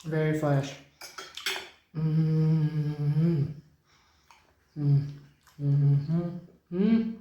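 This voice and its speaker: A young woman chatting casually to viewers while cooking and tasting food in her home kitchen, excitable and informal. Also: low voice, very slow, long pauses, reverberant, lo-fi sound.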